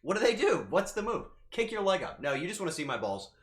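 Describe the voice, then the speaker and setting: A man's voice: high-pitched, big pitch swings, quick pace, fairly bright tone. A man streaming as a VTuber, telling a rambling story straight to his chat and swearing freely. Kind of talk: casual storytelling to live chat.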